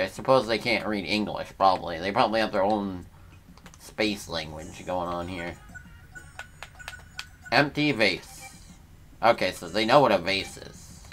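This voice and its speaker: A man's voice: sits low, a bit bright, a little hiss or hum. A young man giving casual, laid-back gameplay commentary and reacting aloud in slangy talk. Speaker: let's player.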